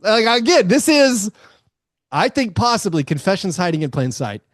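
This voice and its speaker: Male podcast co-host, a bit high-pitched, playful riffing banter, dry studio sound. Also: big pitch swings, normal speed, fairly bright tone, dry recording. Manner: joking, laughs often, riffs on quotes. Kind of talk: casual sports chat.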